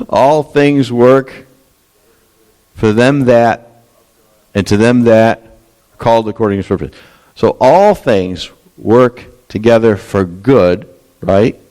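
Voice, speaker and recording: A man preaching a Bible study sermon, talking candidly and conversationally, rising into animated quoted lines. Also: mid-range voice, slow pace, long pauses. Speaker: pastor. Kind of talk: expository sermon.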